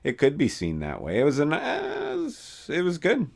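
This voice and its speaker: A man's voice: fairly high pitch, huge pitch swings, moderate pace, vocal fry, husky. A man co-hosting a podcast, giving his opinions on a TV episode in a loose, rambling way with many restarts. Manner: chatty, hesitant, many fillers and restarts. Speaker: podcast co-host. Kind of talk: casual chat reacting to a TV episode.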